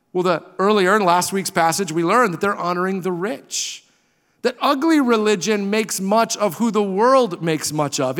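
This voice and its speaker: A pastor with a notably high voice delivers a forceful sermon, driving points home through repetition. His words hang in the long reverb of a church sanctuary. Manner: emphatic preaching with rhetorical repetition. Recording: reverberant hall.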